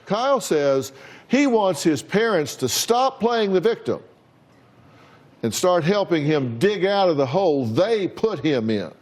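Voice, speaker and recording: A man's voice: sits high, big pitch swings, unhurried, a little mellow. Blunt male talk show host. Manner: blunt, challenging questions. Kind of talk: talk show hosting and interviewing.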